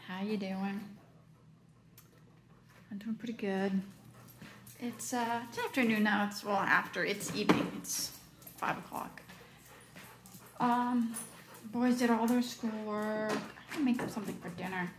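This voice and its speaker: A woman's voice: mid-range voice, fairly even intonation, unhurried, pauses often. A woman in her thirties filming a casual vlog outdoors on a windy day, chatting in a scattered way and hopping from topic to topic. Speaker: vlogger, homeschooling mom.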